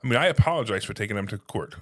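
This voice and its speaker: A man telling stories in casual conversation, animated, acting out phone calls in quoted voices. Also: lowish voice, rapid-fire. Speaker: podcast guest, real estate investor.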